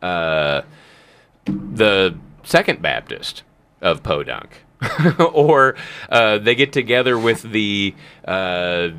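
A man's voice: on the low side, sing-song, drawn-out words, a bit bright, clean tone. A man hosting a Bible talk show, explaining scripture emphatically and speaking to listeners like a preacher. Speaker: podcast host. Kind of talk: casual Bible teaching.

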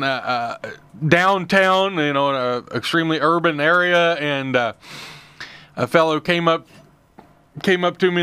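A man's voice: a little high, bright, forceful tone, clean tone, no room sound. A man co-hosting a Christian talk show, telling rambling stories full of fillers and restarts. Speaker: co-host.

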